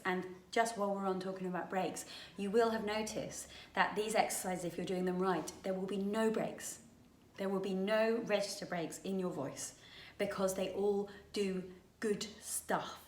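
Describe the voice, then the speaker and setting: A woman's voice: mid-range voice, slight background noise. Chatty vocal coach woman, roomy sound. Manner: chatty, encouraging, demonstrates exercises aloud. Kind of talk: singing warm-up lesson.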